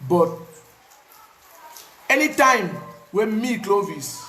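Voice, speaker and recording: A man with a Cameroonian Pidgin English accent tells his own story in a casual, animated way, repeating words for emphasis. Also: high-pitched, slow pace, echoey room, slight background noise. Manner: animated, repetitive, pidgin phrasing. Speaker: activist.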